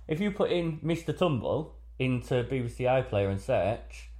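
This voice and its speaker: A man co-hosting a casual chat, telling stories in an animated way and laughing often. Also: mid-range voice, normal speed. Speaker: podcast co-host.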